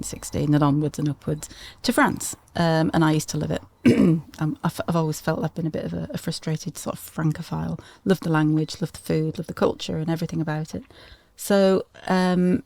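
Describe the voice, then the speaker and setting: A middle-aged woman with a slightly low speaking voice, relaxed in a casual interview. She rambles through her stories with many restarts and laughs often, chatty and open. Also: creaky, no room sound. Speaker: podcast guest.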